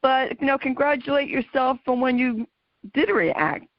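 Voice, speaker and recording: A woman's voice: high voice, lively intonation, normal speed, no echo, highs cut off. A woman hosting a show for caregivers, chatting in an encouraging way with her guest. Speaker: podcast host for caregivers. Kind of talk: interview conversation.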